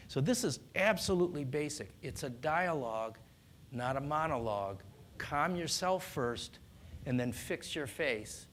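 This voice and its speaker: Calm, instructive male doctor. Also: medium pitch, slight background noise. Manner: calm, earnest, instructive, with small restarts. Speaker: doctor giving parenting advice. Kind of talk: explanatory talk on child discipline.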